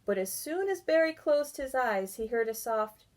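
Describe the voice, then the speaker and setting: A woman reading a children's picture book aloud, softly and expressively, with sing-song sound effects. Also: on the high side, expressive, normal speed, a little hiss or hum. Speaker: children's reader.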